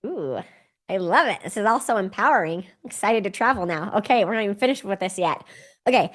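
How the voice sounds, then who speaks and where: Enthusiastic woman podcast host. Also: mid-range voice. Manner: enthusiastic, affirming. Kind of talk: casual podcast chat.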